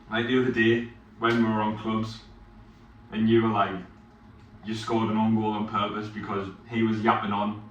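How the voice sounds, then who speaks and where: A young man co-hosting a podcast, chatting casually and rambling while he searches for words. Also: on the low side. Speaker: podcast co-host. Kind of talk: casual chat. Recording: roomy, distant mic with faint noise.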